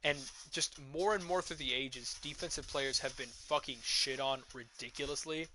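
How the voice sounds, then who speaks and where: A man's voice: mid-range voice, normal speed, poor audio. A young man ranting casually while streaming a game, tipsy from drinking and swearing a lot as he talks into a headset mic. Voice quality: profane, ranty, excitable. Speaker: gaming streamer. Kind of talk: rambling casual rant while gaming.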